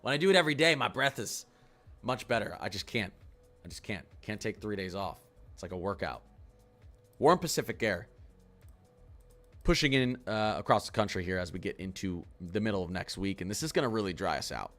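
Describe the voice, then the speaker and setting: Low-voiced, excitable male weather streamer. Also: soft background music. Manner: quick, excitable, chatty. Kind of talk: casual livestream weather talk.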